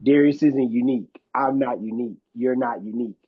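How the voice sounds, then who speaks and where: A man's voice: mid-range voice, a little fast, slightly rough. A man hosting a podcast in casual conversation, talking in a reflective way. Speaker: podcast host. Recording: slightly dull lo-fi sound.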